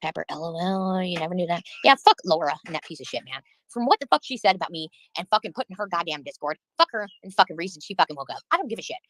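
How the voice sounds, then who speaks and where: A woman's voice: lowish voice, very animated, rapid-fire, hardly any pauses, a bit bright, slight background noise, rough recording. A woman livestreaming, venting in a heated, profane rant while answering her chat.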